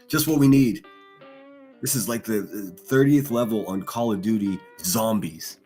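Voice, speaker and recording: A man's voice: fairly low pitch, normal speed, darkish tone, faint music behind. A man hosting a livestream, reading chat and mocking people with crude insults and laughter. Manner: insulting, sneering, laughs at own jokes. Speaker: livestream host.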